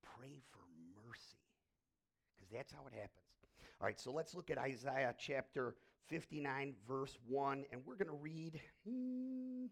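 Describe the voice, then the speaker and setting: A middle-aged male pastor preaching and praying, swinging from hushed whispers to loud emphatic bursts. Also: medium pitch, animated, unhurried, gravelly. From Irish heritage. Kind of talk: sermon and prayer.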